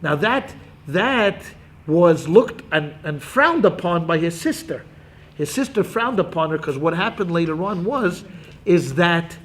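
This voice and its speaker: Rabbi guy teaching talmud, fairly high voice, animated, acts out quotes, asides to the class.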